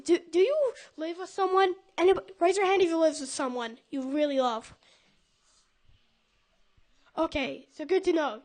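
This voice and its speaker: A woman doing a stand-up set at an open mic, rambling and halting with many restarts. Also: very high voice, darkish tone. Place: live club stage with audience.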